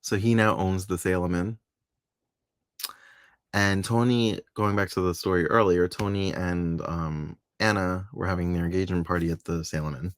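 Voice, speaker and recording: Deep-voiced chatty man recapping a soap. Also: steady tone, moderate pace, no echo, clean studio sound. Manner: chatty, laughs often, quotes characters in voices. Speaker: podcast co-host. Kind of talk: casual recap chat.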